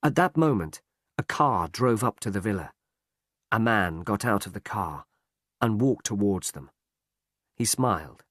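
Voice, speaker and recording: Slow, expressive male storybook narrator. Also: fairly low pitch, no room sound. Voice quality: slow, lively delivery. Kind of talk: audiobook narration. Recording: dry close recording.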